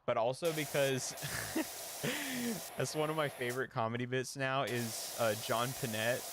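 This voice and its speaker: A man's voice: mid-range voice, lively intonation, unhurried, noisy background. A young man streaming and chatting casually, rambling with lots of fillers and little laughs. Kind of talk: casual chat. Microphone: headset or desk mic with an audio interface.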